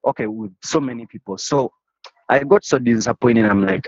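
Guy talking excitedly in an interview, a bit husky, dry dull recording. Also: mid-range voice, moderate pace, dry recording. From Uganda. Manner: passionate, repeats and restarts phrases. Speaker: interviewee, football fan. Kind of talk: casual storytelling in an interview.

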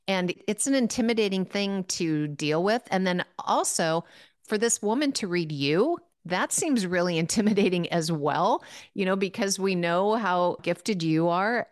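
A woman with a fairly low, smooth and clear voice tells a story in an earnest, emphatic way. The sound is close and dry, with no room around it. She talks casually, like a host chatting with a guest. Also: no room sound. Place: home room.

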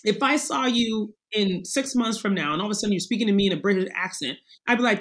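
Animated, emphatic woman in her forties. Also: medium pitch, fast talker, low-quality recording. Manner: animated and emphatic, acts out quoted voices. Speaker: guest. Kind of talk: conversational interview.

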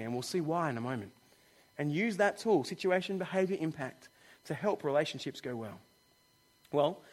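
High-voiced man preaching with playful humor. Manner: lively, joking, acts out dialogue. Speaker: pastor. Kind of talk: sermon.

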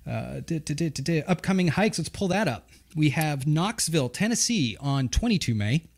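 A man's voice: on the high side, big pitch swings, moderate pace. Male podcast host from Massachusetts, casual and joking, rambling delivery with restarts. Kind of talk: casual chat.

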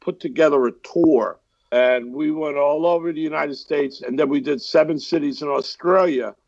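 A man from the Bronx with a New York accent, a guest actor chatting in a relaxed way with frequent pauses over a video call. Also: fairly high pitch, vocal fry, no echo, highs cut off. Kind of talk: casual interview chat.

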